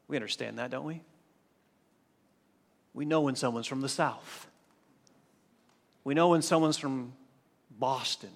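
A man preaching a sermon as pastor, swinging from hushed, drawn-out phrases to loud emphatic lines. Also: mid-range voice, creaky, big-room sound.

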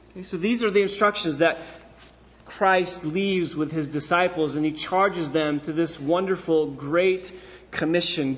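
A man's voice: on the high side, fairly bright tone, in a large hall, dull audio. A male pastor preaching a sermon in earnest, asking rhetorical questions and repeating key phrases.

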